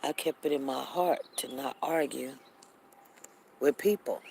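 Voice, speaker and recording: A woman's voice: a bass voice, unhurried, gravelly, darkish tone, a little hiss or hum. A woman hosting a casual live chat room, acting out both sides of arguments and repeating phrases.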